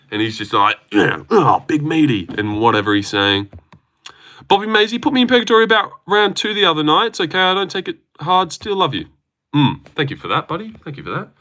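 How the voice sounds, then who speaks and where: A young man with an Australian accent, chatting loosely and swearing as he hosts a livestream and reads out comments. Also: on the low side. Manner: loose, excitable, swearing banter. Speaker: livestream host. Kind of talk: casual livestream chat reading comments.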